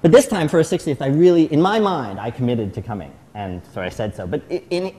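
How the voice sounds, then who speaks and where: Middle-aged man, guest speaker, animated storyteller with a mid-range voice; lots of pitch movement and restarts. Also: quick pace. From United States. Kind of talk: anecdotal tribute speech.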